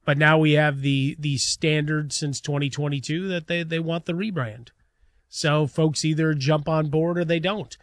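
A man's voice: a little high, steady tone, moderate pace, no echo. A man co-hosting a sports radio show in a studio, making wry, dry quips.

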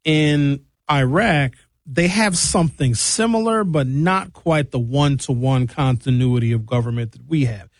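An American man delivering a sarcastic, animated comedic rant with a mocking edge. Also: medium pitch, measured pace, dry recording, rough recording. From United States.

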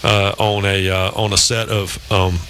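A man's voice: lowish voice, little pitch movement, unhurried, sharp tone, slight background noise, rough recording. A man in his fifties hosting a sports talk show, telling long rambling anecdotes in casual chat. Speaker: radio show host.

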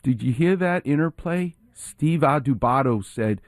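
A man's voice: on the high side, lively intonation, slow pace, hardly any pauses, no echo, studio quality. A man hosting a radio show, a surgeon explaining storytelling craft with enthusiastic, emphatic commentary.

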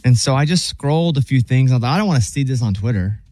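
Picture a male radio host with a mellow, darker voice, bantering and joking with blunt opinions. The sound is dry and close, with no room around it. He talks like a morning show regular. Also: medium pitch, expressive, fast, no echo, soft background music.

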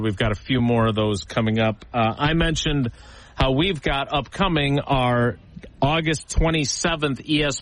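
Radio host guy, bit high voice, earnest, does the ad reads himself. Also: a bit bright, dry recording, low-quality recording. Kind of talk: sports radio talk with live ad reads.

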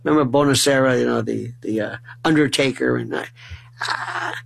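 A middle-aged man telling funny family stories in a lively way, often stumbling and restarting his words. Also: mid-range voice, normal speed, vocal fry, rough recording. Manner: animated, acts out family dialogue in shifting voices. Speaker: storyteller. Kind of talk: humorous personal storytelling monologue.

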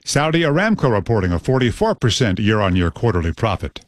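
A man's voice: fairly low pitch, very animated, fast, no echo. Guy reading radio news, bouncy intonation, dry close mic. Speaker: news anchor. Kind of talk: newscast reading.

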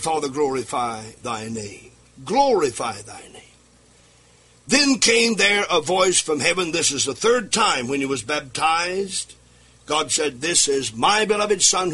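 A man preaching with fervor, his husky, bright voice climbing and falling in a lively, sing-song sweep. He drives his points home through repetition and bursts into near-shouts at the peaks. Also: on the high side. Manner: impassioned, rhythmic preaching with repeated phrases and shouted climaxes. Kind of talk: sermon.

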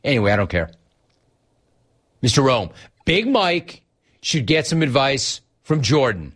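A man hosting a sports talk show, teasing and animated, reading out chat and laughing often. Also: medium pitch, a little slow, slightly rough.

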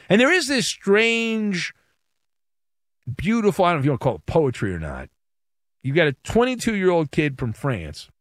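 A man hosts a sports talk radio show from a studio microphone, his voice sitting a little high and swinging widely as he leans into playful, exaggerated emphasis. The sound is close and dry, with no room around it. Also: no echo.

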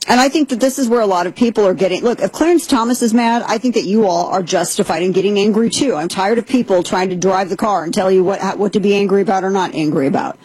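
Female talk host, husky and emphatic, indignant commentary with a dry studio sound. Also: medium pitch, fast talker, few pauses, darkish tone, dry recording, poor audio. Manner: emphatic, indignant, quotes at length. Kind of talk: opinion commentary and host-read ad.

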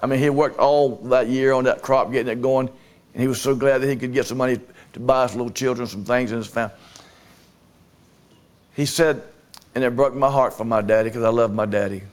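Preacher telling a story. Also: male voice, medium pitch, fairly even intonation, brisk. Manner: storytelling, calls for amens. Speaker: pastor. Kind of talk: preaching a sermon.

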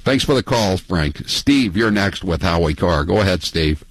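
A man's voice: sits low, expressive, moderate pace, no room sound, rough recording. A man hosting a call-in radio show, telling rambling, mocking stories between callers. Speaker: talk radio host. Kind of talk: casual call-in radio chat.

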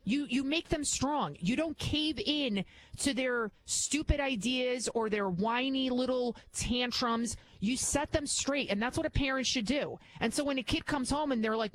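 A woman's voice: sits high, normal speed, low-quality recording. A middle-aged woman filling in as a talk radio host, delivering a blunt, emphatic, opinionated monologue. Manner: blunt and emphatic, acts out voices in anecdotes.

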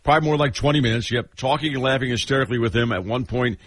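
A man's voice: medium pitch, steady tone, quick pace. A man hosting a radio talk show, reading a listener's message aloud in a laid-back way, chuckling often.

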